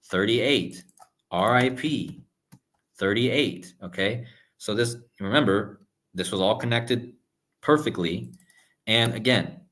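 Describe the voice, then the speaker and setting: A numerology video host, a man with a mid-range and fairly bright voice, delivers a screen-share monologue on a live stream. He talks insistently to viewers, repeating himself a lot, saying "okay?" and "guys" again and again, and halting to restart his sentences.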